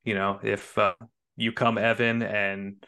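A man's voice: fairly low pitch, flat delivery, a little slow, bright, forceful tone, smooth. A man on a podcast explaining his tournament plans casually, hesitating with plenty of fillers. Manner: hesitant, many uhs and you-knows. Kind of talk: casual chat.

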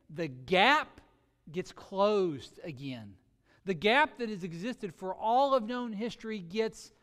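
A man preaching a sermon earnestly, with sudden shifts between loud emphasis and quiet, drawn-out words. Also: sits high, long reverb tail. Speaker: pastor.

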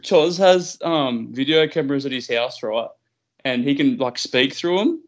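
A man's voice: mid-range voice, expressive, measured pace. A young Australian man from Queensland, a fishing guide, chatting as a podcast guest in a laid-back way, swearing freely and laughing easily. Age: young adult. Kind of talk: casual chat. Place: at home.

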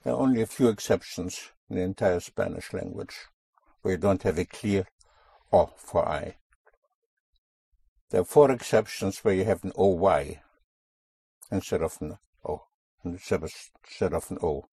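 A man teaching a spoken language lesson to a student, explaining slowly and deliberately and repeating key sounds. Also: low-pitched, gravelly, dark tone, husky, dry recording.

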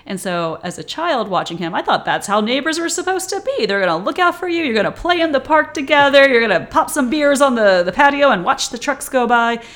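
Woman, podcast co-host, lively pitch swings, casual film chat, quick laughs. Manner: animated, laughing often.

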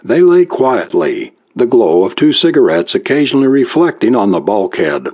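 A man narrating an adventure story as an audiobook with a lively storytelling delivery. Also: medium pitch, moderate pace. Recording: muffled lo-fi recording.

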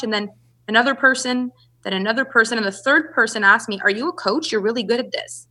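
A woman's voice: fairly high pitch, fast, sharp tone. A woman, a relationship and business coach, telling her story as a podcast guest and acting out the voices of people she quotes.

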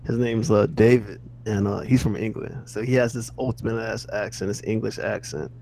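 A man's voice: fairly low pitch, normal speed, gravelly, dark tone, slight background noise. A man co-hosting a casual podcast chat, laid-back, slangy and profane, often laughing. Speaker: podcast co-host.

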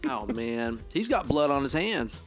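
A man's voice: medium pitch, very animated, unhurried, faint music behind. A man hosting a horror podcast, teasing his co-host with loose, profane banter. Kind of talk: casual comedic banter.

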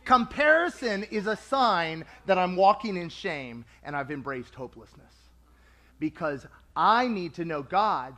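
A man preaching a sermon to a congregation in a lively, conversational way, acting out quoted voices. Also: sits high, measured pace.

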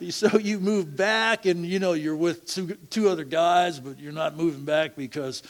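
A middle-aged man telling a church testimony in a slow, halting way, with laughs and hushed asides. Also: fairly high pitch. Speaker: church member sharing a testimony.

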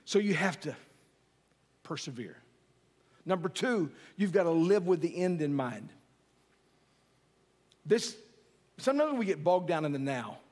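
A middle-aged male pastor delivers a sermon in a loose, conversational way, joking and tossing questions to the congregation. His voice sits fairly high for a man. A long reverb tail from a large hall follows his words. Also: very animated, unhurried, long pauses, a little mellow.

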